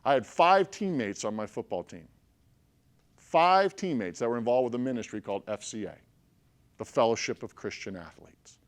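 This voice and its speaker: A man speaks to a group in an ordinary, mid-pitched voice that neither booms nor squeaks. He is telling a personal story, lively and animated, jumping from loud bursts to hushed, low moments. Along the way he keeps checking in with his listeners. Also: normal speed. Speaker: motivational speaker.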